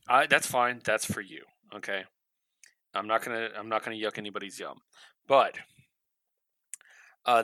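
A man's voice: fairly low pitch, bright, forceful tone, dry recording, low-quality recording. A man co-hosting a comics podcast, retelling a story in casual chat and acting out the characters' lines with laughs.

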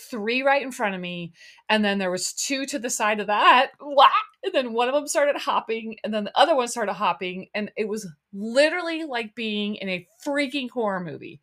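A woman's voice: medium pitch, fairly bright tone. A woman hosting a podcast, a little out of breath, telling a rambling story with disgust. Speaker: podcast host.

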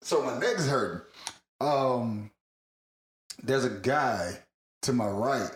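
A man with a mid-range voice speaks slowly in an echoey room. Chatting casually on a podcast, he tells a long, rambling story, animated, laughing often and swearing freely.

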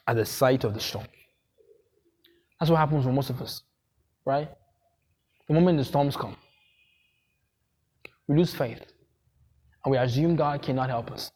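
A man's voice: medium pitch, measured pace, pauses often, darkish tone. A man preaching a sermon as pastor, emphatic, repeating phrases and asking the congregation questions.

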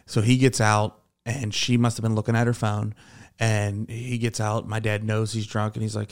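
A man telling a casual, animated story with plenty of swearing and "like" fillers. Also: on the low side, normal speed. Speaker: comedy podcast guest.

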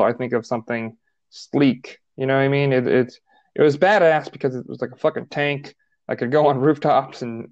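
A man co-hosts a casual podcast, circling his point with a steady stream of "like" and restarts. His voice comes through slightly dull and lo-fi. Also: mid-range voice. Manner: rambling, lots of "like" fillers. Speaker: podcast co-host.

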